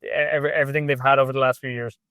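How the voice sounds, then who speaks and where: A man co-hosting a sports podcast, analysing in a halting way with many restarts. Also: medium pitch, flat delivery, fairly bright tone, clear, resonant tone, no room sound, studio quality. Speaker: podcast co-host.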